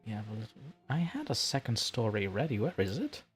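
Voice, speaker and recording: A man's voice: lowish voice, wildly swooping pitch, a little fast, slightly rough, faint music behind. A man chatting on a live stream as host, scattered and self-mocking, laughing at his own slip-ups. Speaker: streamer, horror story narrator. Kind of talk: casual live-stream chat.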